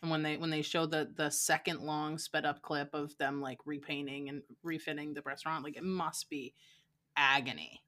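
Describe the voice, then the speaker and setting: A woman's voice: low voice, steady tone, moderate pace, pushed and bright. A woman chatting casually on a podcast, sarcastic, laughing often and swearing lightly. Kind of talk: casual chat.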